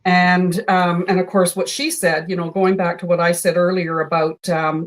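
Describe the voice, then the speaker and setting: A woman's voice: lowish voice, little pitch movement, moderate pace, few pauses. A woman in her sixties hosting a sewing stream, chatting in a storytelling way while she works. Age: 60s. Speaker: host. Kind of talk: casual chat while sewing.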